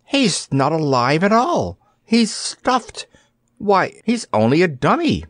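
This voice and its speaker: A man's voice: sits high, wildly swooping pitch, takes it slowly, no room sound, pitched above the performer's own voice, full character voice. A man voicing a brave, curious little girl who speaks in an earnest, wide-eyed way. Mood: astonished.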